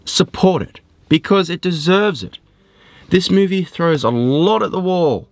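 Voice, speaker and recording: A man giving a casual spoken film review, animated and rambling, often poking fun at himself. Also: sits high, no room sound. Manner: animated, rambling, self-mocking.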